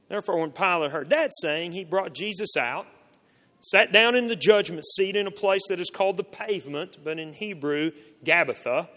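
A man reading scripture aloud in a measured, solemn way. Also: high voice, animated, sharp tone. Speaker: scripture reader. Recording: long hall reverb.

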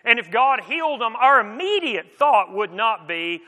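A man's voice: high voice, expressive, unhurried, few pauses, sharp tone. A man preaching a sermon in an earnest, conversational way, with frequent restarts and rhetorical questions. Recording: long reverb of a large hall.

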